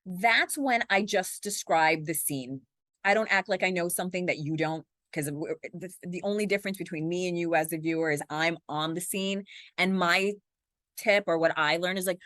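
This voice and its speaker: A woman in her forties talks fast and lively as an interview guest, jumping into little acted-out scenes. Her voice sits a bit low. The sound is dry and close, with almost no room around it. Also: no room sound. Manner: fast-talking, animated, acts out little scenes. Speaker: TV journalist and guest. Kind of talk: conversational interview.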